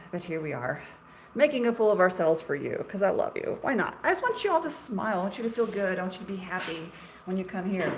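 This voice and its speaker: A middle-aged woman hosts a casual livestream from her small shop. She talks in a chatty, self-deprecating way and laughs often. Her voice sits at an ordinary middle pitch, with a faint background hiss. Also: big pitch swings, brisk. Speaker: shop owner selling marshmallows on a livestream.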